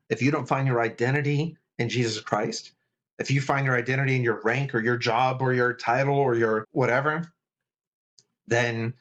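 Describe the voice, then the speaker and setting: A middle-aged man, a chaplain, giving an earnest, casual faith talk, thinking aloud with restarts. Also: medium pitch.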